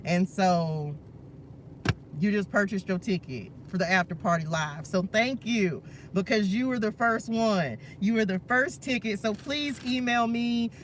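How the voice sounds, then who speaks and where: A man's voice: high-pitched, a little slow, a bit bright, slight background noise. A man hosting a spiritual live stream, talking fervently and preachily to his viewers and calling them "y'all".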